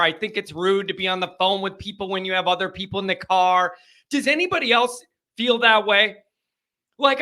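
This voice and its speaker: Male call-in show host, high and sharp-toned, rambling chat that breaks into yelling; faint music underneath. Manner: loud, rambling, excitable with yelling bursts.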